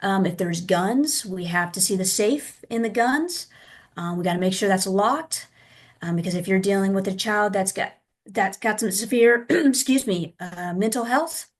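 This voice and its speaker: A woman's voice: mid-range voice, normal speed. An American woman who works as a child abuse investigator, answering interview questions conversationally and acting out her polite phone calls to parents.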